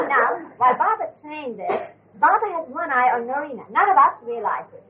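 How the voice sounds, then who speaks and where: A woman's voice: high voice, big pitch swings, a little fast, crowd noise, noisy background. Older woman telling a story, lo-fi. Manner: warm, hesitant with fillers. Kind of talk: anecdote retelling. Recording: dull lo-fi recording.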